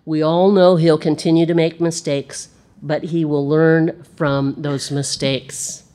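A woman teaching a Bible study, with conversational, expressive asides between readings. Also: low-pitched, slow pace.

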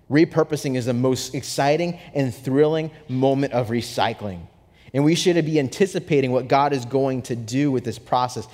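A young adult man preaching a sermon, telling a story with animated swings from hushed to excited. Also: medium pitch. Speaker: pastor. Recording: long hall reverb.

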